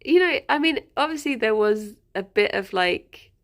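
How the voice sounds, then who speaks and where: A woman's voice: on the high side, animated, moderate pace. A woman streamer chatting casually with her viewers, rambling and giggling often. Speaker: livestreamer.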